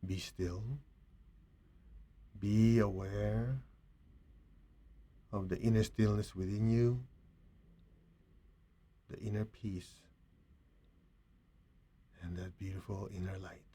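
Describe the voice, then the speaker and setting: A man with a Chinese accent guiding a meditation in a hushed, slow, calm voice with long pauses. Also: lowish voice, slightly rough. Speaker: meditation teacher. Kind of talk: guided meditation.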